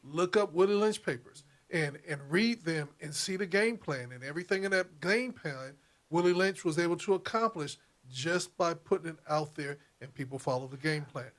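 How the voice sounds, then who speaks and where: A man with a fairly high voice co-hosts a political talk show. He speaks emphatically and hammers his points home through repetition, rising in intensity like a preacher. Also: normal speed. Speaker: co-host.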